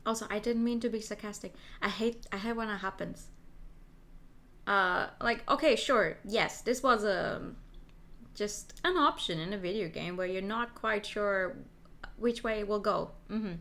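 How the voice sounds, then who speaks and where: A young woman streaming a game, chatting in an animated, joking way with quick asides. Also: mid-range voice. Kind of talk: casual game stream chat.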